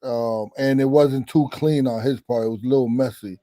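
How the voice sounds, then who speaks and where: A man's voice: mid-range voice, moderate pace, dry recording. A man who coaches boxing, talking casually and walking through how fights get scored. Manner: animated, explains fight scoring with demonstrations. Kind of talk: casual livestream chat.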